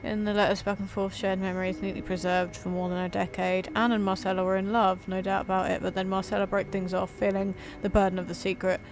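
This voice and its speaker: A woman's voice: medium pitch, little pitch movement, quick pace, few pauses, noisy background. Chatty young woman streaming a game. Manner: chatty, swears casually, thinks out loud. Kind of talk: casual let's-play commentary. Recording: voice over game music.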